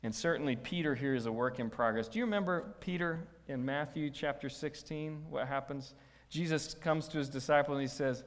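A man's voice: a little high, brisk. A man preaching a sermon as pastor, talking conversationally and asking the congregation questions. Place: church hall. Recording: long church hall reverb.

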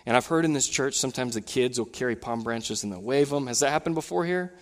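Animated male pastor preaching in a reverberant hall. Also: quick pace. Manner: animated preaching, rising in pitch and volume when retelling scenes. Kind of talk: sermon. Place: church sanctuary.

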